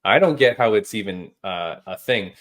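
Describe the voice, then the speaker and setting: A man hosting a casual podcast chat, telling stories in an animated, emphatic way with casual slang. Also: on the low side, moderate pace. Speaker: podcast host.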